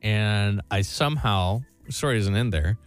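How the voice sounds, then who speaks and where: A man on a radio show, telling a story and reading jokes in a deadpan, casual way. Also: lowish voice, unhurried, clear, resonant tone, soft background music. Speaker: radio co-host.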